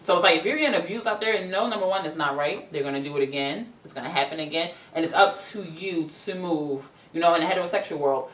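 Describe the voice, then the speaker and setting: A woman's voice: fairly low pitch, quick pace, hardly any pauses, a bit bright. A young adult woman co-hosting a talk show, talking frankly and profanely about hard personal experience in casual chat. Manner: blunt, profane, outspoken. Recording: roomy echo, mic far off.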